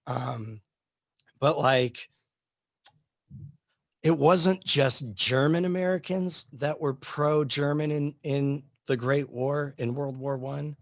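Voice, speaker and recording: A man's voice: a little high, steady tone, slow, no echo. A man teaching history in a casual live class discussion, rambling with many fillers and restarts.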